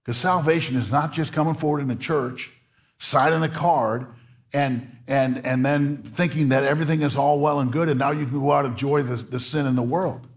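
Speaking steadily at a normal pace, a male pastor delivers an earnest sermon in a church sanctuary. He repeats words and, when stirred, rises in pitch to press home his points.

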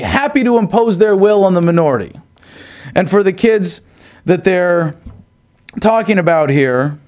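A man delivering an angry, profane political rant, shouting and swearing with heavy emphasis. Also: high voice. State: pissed off. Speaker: political commentator.

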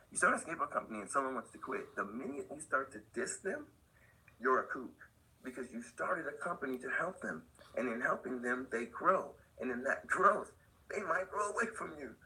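An older man who owns a skateboard company rambles through loose anecdotes as a podcast guest, using many fillers in casual conversation. His medium-pitched voice has a sharp tone with a breathy edge, and the recording quality is low.

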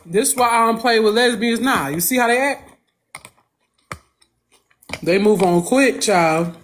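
A woman's voice: fairly high pitch, measured pace. A woman in casual chat, blunt and sassy in her remarks.

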